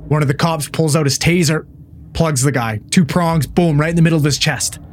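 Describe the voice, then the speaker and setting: A man's voice: fairly high pitch, brisk, a little hiss or hum. A man, a paramedic, telling a wild call story in casual chat, swearing freely and acting out what everyone said. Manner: profane, animated storyteller who acts out what people said.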